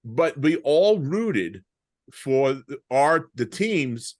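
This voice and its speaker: A man's voice: mid-range voice, very animated, extremely slow, no room sound, clean studio sound. A man in his late fifties with a Long Island accent, hosting a casual podcast, rambling and dropping "you know" constantly over a video call. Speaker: podcast host, former player.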